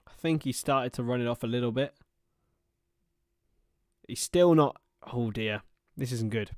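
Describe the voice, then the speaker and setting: A young man in his twenties giving chatty, excitable live football watchalong commentary to his chat, laughing often. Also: medium pitch, measured pace, no echo, clean studio sound. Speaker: streamer and commentator.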